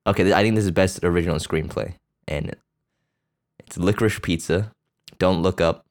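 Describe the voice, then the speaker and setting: A man's voice: low voice, steady tone, moderate pace. A man hosting a podcast, rambling bluntly and crudely about a movie, with lots of fillers and restarts. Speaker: podcast host. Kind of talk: casual profane movie chat.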